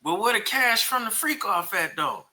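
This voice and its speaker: Host riffing on clips; bright, sharp male voice, teasing slang. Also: sits high, expressive, normal speed. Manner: joking, mocking, slangy. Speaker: commentary host. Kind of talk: reaction commentary.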